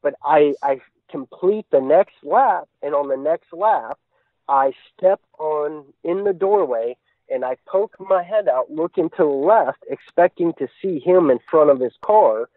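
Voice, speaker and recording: Over a tinny, dry phone line with no room sound, a man with a fairly high, expressive voice recounts a frightening encounter at a measured pace. His casual telling is earnest and run-on, chaining one event to the next.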